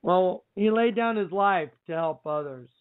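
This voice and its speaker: Male radio host, high voice, talks slowly, animated storyteller, phone-quality sound. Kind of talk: retelling a movie in casual preaching talk. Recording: tinny phone-line sound.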